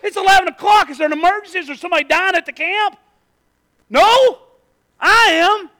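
With a very high voice and a racing pace, a man preaches to his congregation. His storytelling is animated, moving between shouting and near-whispers, and his manner is folksy and direct.

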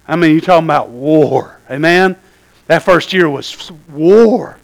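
A middle-aged man preaching a sermon, telling lively stories and calling out "Amen?" to the congregation. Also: a little high, unhurried, vocal fry, poor audio. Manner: animated storytelling, calls out "Amen?" to the congregation. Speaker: pastor.

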